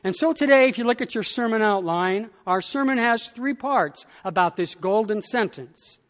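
A male pastor delivering a sermon, slow and emphatic, with dramatic pauses between phrases. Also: sits high, lively intonation, long reverb tail.

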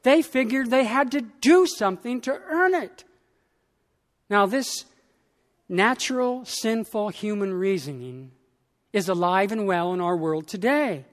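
A male pastor delivering a sermon, slow and emphatic, with dramatic pauses between phrases. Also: sits high, lively intonation, long reverb tail.

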